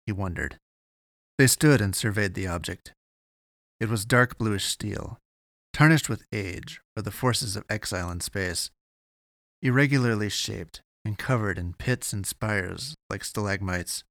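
A man narrating a story in a measured, steady reading on a close mic. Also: on the low side, gravelly, no echo. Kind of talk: audiobook narration.

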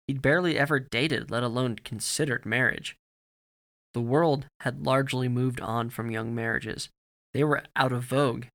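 A man reading a story aloud in a steady, grave narrating manner. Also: medium pitch.

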